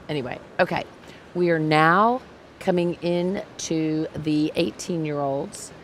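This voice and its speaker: A woman's voice: low-pitched, takes it slowly, a little hiss or hum. A woman hosting a livestock show livestream, chatting casually and joking about herself, wearing a clip-on mic at the arena. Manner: chatty, joking, self-deprecating. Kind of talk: casual live commentary.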